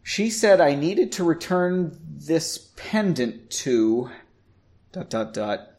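A man's voice: on the high side, lively intonation, slow, creaky, a little mellow, full character voice. A man voicing a nervous young woman who pleads for help in a read-aloud story. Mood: nervous pleading. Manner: pleading, anxious.

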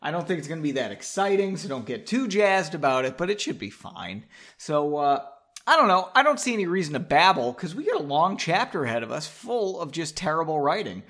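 A man's voice: on the high side, very animated, brisk, a bit bright. A man casually reading his own book aloud, mocking his writing and swearing freely.

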